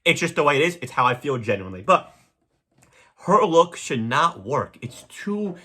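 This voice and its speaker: A young man hosting a podcast, delivering a crude, rambling comedic monologue with sudden loud jumps. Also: on the high side, very animated, normal speed. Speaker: podcast host.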